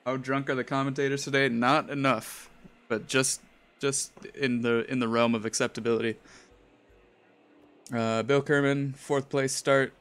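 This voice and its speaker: A man's voice: medium pitch, level tone, normal speed, fairly bright tone, clear, resonant tone. A man commentating a live sim racing stream, joking around, laughing often and stumbling over names. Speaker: race commentator.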